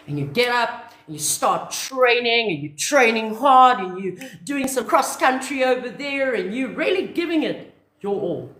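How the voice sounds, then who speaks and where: A woman giving a motivational talk to camera, her voice lively and swooping. It sits a little high and rings in a roomy echo as she acts out little scenes. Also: moderate pace. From South Africa. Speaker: online business coach.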